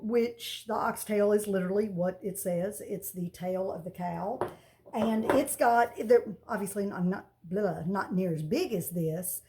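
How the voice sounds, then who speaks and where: A woman's voice: medium pitch, dark tone. A middle-aged woman, hosting a casual cooking demonstration in a chatty, folksy way with rambling asides. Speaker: cooking channel host.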